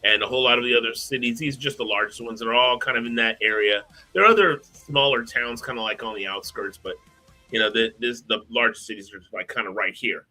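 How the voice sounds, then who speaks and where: Bright-voiced man, rambling chat. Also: mid-range voice, fast talker, faint music behind. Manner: rambling, with many uhs and repeated words. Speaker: co-host sharing his screen. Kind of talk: casual livestream chat.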